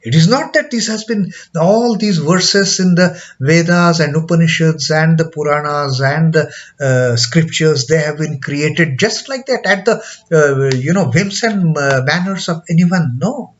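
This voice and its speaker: A man with an Indian English accent explaining a scripture lesson, hesitant with many fillers and repeats, chanting verses slowly. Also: a little high, slight background noise. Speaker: scripture teacher. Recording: dull lo-fi recording.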